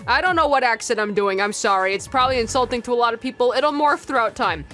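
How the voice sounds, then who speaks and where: A woman with a slight lisp hosting a let's play, chatting in an animated way and cracking goofy asides. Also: a little high, fast, few pauses, soft background music. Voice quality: slight lisp from heavy de-essing. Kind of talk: casual gameplay commentary.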